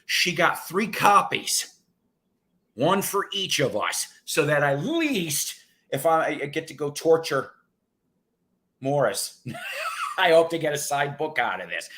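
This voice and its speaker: A man hosting a casual radio show, excitable and profane, laughing often and slipping into impressions. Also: fairly high pitch, slow pace, long pauses. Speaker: radio host and record collector. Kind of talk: casual chat. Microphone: studio mics.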